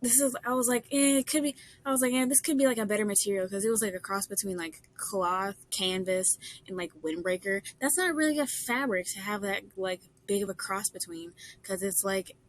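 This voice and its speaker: A woman's voice: medium pitch, brisk, hardly any pauses. A young woman casually telling a rambling story, full of fillers and quoted dialogue.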